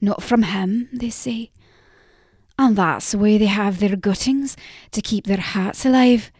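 A woman voicing a gossipy, impatient old peddler woman who talks in a loud, rustic, chattering way in an audiobook. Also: mid-range voice, unhurried, breathy edge, no room sound, clean studio sound. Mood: gossiping. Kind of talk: audiobook character voice.

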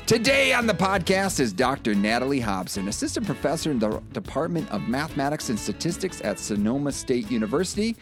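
A man's voice: medium pitch, sing-song, fairly quick, hardly any pauses, over music. A man hosting an education podcast, talking casually with many fillers and restarts. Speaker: podcast host.

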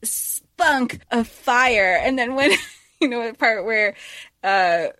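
A woman's voice: a little high, expressive, slow, bright, forceful tone, no echo, clean studio sound. A woman co-hosting a podcast in casual chat, telling things with giggles and animation. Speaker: podcast co-host.

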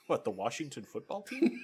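A man's voice: medium pitch, fairly bright tone. A man co-hosting a casual music podcast, giving dry, sarcastic criticism. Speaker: podcast co-host. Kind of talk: casual chat.

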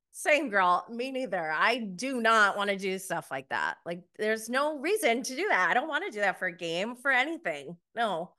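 A woman's voice: fairly high pitch, big pitch swings, moderate pace, bright, forceful tone. A young adult woman, casually recapping a reality show with gossipy asides and frequent laughter. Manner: gossipy, laughs often, mocking quotes. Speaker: podcast host reviewing a reality show.

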